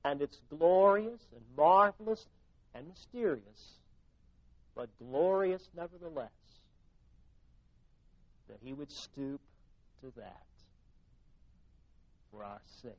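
A man delivers a sermon in a fairly high voice, dropping to quiet, drawn-out phrases before building to loud, emphatic peaks. The sound is dry and close, with a slightly dull, muffled tone. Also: animated, no room sound. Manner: dynamic preaching, drops to near-whispers and rises to loud emphasis. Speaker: pastor.

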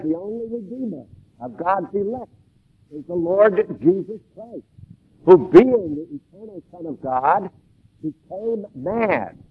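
A man giving an expository sermon in a measured, deliberate way, with emphatic stresses and pauses. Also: a little high, slightly rough. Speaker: preacher. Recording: tinny phone-like old tape recording.

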